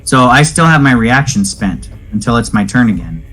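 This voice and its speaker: A man's voice: mid-range voice, expressive, fairly bright tone, faint music behind, low-quality recording. Chatty man running a tabletop game. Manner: chatty, explains rules at length, quick questions when puzzled. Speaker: game master.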